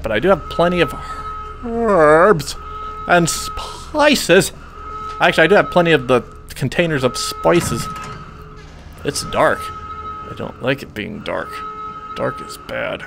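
A man narrates his game in a joking, jumpy running talk to himself. His voice sits a little high for a man and swings a lot in pitch, while his pace stays slow. Game music plays clearly behind him. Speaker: gaming channel host. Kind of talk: let's play commentary.

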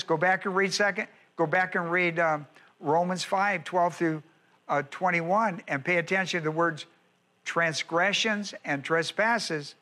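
A male pastor teaching a Bible study, repeating key phrases and slowing down to stress words. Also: high voice, sharp tone.

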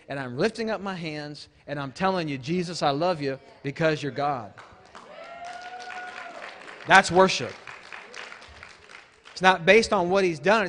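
A man preaches a sermon in a fairly high voice. He mixes loose, chatty asides with sudden emphatic shouts. His voice rings out with a long reverb across a church hall. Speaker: guest preacher.

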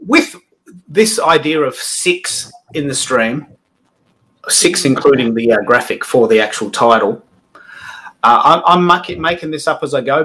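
A man's voice: a little high, fairly bright tone, poor audio. A man hosting a casual online panel over a video call, chatty and self-deprecating, restarting his sentences often. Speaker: livestream host.

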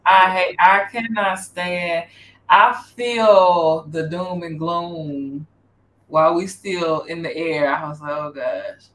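A woman's voice: fairly low pitch, takes it slowly, a bit bright. Woman host in a roomy echo. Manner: chatty, explains services plainly. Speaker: host and relocation consultant. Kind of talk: casual panel chat.

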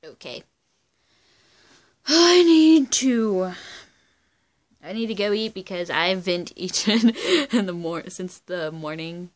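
A young woman vlogging from home in the dark, melodramatic, swinging between yelling and flat mumbling. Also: fairly low pitch, normal speed, few pauses. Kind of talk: casual home vlog.

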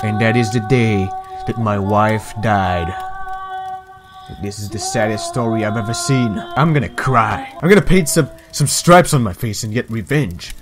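A man's voice: lowish voice, normal speed, music in the background. A young man hosting a gaming video, giving playful, jokey commentary and narrating the game as a mock story. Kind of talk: casual let's-play commentary.

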